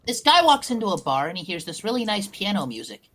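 A woman telling crude jokes in a casual, deadpan storytelling way. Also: mid-range voice, quick pace. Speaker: guest.

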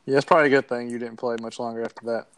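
A man's voice: mid-range voice, steady tone, very fast, a bit bright. A young man, joking and laughing through casual chat with family.

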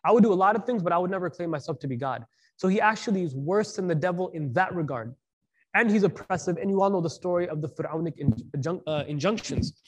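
Man preaching, high-pitched voice, conversational, questions to the crowd, slangy. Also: fast. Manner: conversational, asks the audience questions, mixes in slang. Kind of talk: sermon.

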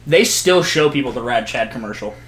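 A young man casually telling a story among friends, animated, laughing often and acting out what people said. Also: mid-range voice, fairly quick, roomy sound, noisy background. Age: young adult.

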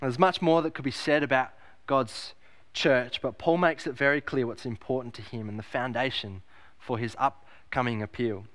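A man's voice: mid-range voice, steady tone, normal speed, a bit bright. A man preaching a sermon as pastor, emphatic, repeating key phrases and asking rhetorical questions.

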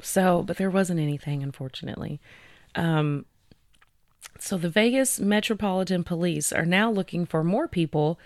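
A woman's voice: fairly low pitch, moderate pace, a little mellow. A woman co-hosts a casual true-crime podcast. She relays news stories from her research in a loose, conversational way, leaning on fillers. The sound is dry and close, with little room echo. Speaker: podcast co-host.

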